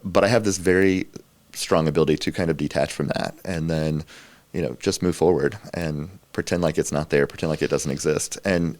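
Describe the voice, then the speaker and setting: A man's voice: rumbling low, steady tone, brisk, a little mellow, no room sound. A man in his forties, a pastor, talking candidly and reflectively, with a self-deprecating humor. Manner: reflective, self-deprecating, laughs while telling stories. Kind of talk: candid conversation.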